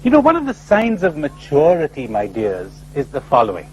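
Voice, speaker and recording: A man giving a spiritual talk to a live audience, animated and full of rhetorical questions, often acting out other people's replies. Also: on the high side, brisk, slight background noise, poor audio. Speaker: spiritual speaker. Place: lecture before a live audience.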